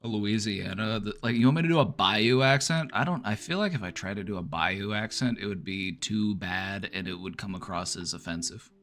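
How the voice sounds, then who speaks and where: A man's voice: fairly low pitch, brisk, hardly any pauses, a bit bright, faint music behind. A man hosting a casual chat stream, talking in an easygoing, rambling way with lots of fillers. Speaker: streamer host.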